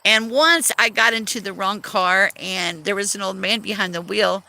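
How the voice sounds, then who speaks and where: A woman's voice: medium pitch, normal speed, creaky, bright, forceful tone. A woman chatting casually on a livestream, self-deprecating and laughing often as she talks. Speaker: livestream host.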